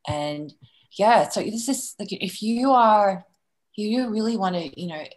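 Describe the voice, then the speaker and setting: A woman's voice: medium pitch, lively intonation, unhurried, rough recording. An Australian woman hosting a live online workshop, effusive and rambling, full of filler phrases, speaking over a video call. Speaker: workshop host.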